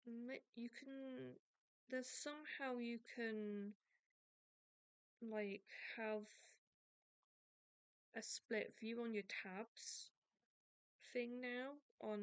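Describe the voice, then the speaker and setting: Slow-talking English woman, gravelly. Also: mid-range voice, dry recording. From England. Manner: rambling, self-deprecating, many restarts. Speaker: podcast host. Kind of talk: casual chat.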